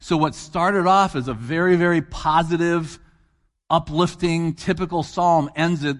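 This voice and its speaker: A middle-aged man preaches a guest sermon in a church, his voice sitting a little high for a man. He keeps it conversational, checks in with the congregation and repeats his points for emphasis. The long reverb of a large hall trails after his words. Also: unhurried.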